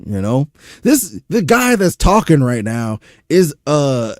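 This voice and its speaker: A man's voice: on the high side, very animated, takes it slowly, darkish tone, dry recording, clean studio sound. A young man from Louisiana with a Louisiana accent, exasperated and profane, ranting through a reaction stream. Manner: exasperated, profane, rhetorical questions.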